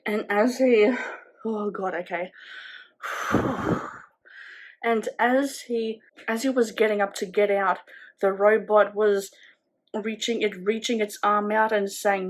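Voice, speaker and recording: A woman's voice: mid-range voice, steady tone, slow, pauses often. A woman book vlogger chatting casually at home at night, rambling with lots of "like" fillers. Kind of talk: casual reading vlog chat.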